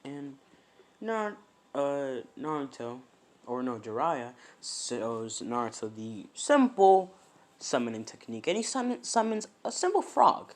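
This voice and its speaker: A man's voice: mid-range voice, big pitch swings, unhurried. A man improvising a fan story aloud, rambling with fillers and correcting himself as he goes.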